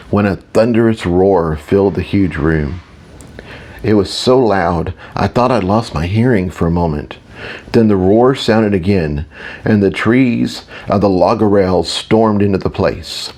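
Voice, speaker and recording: A man reading a fantasy audiobook in the first person, steady and matter-of-fact. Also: fairly low pitch, a little slow. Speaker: audiobook narrator.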